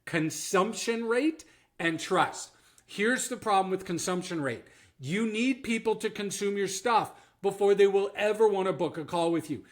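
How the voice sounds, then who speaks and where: Man, Canadian accent, slightly high voice, emphatic business coach, talking straight to camera. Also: normal speed. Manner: emphatic, repeats "okay?" to drive points home. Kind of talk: direct-to-camera marketing talk.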